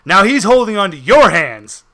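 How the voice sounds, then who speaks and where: A man's voice: high-pitched, sing-song, normal speed, sharp tone. A man narrating a tabletop horror game as game master, with dramatic descriptions and frequent laughter.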